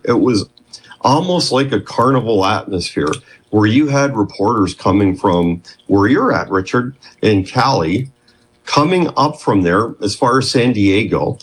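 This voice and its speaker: A man's voice: lowish voice, slightly rough, poor audio. A man in his fifties, a guest on an interview show, telling a long story in a rambling, self-interrupting way.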